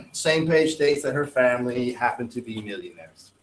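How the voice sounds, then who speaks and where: A male teacher lecturing a class, animated and joking with his students. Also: medium pitch, moderate pace, a little hiss or hum. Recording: echoey classroom with faint ambience.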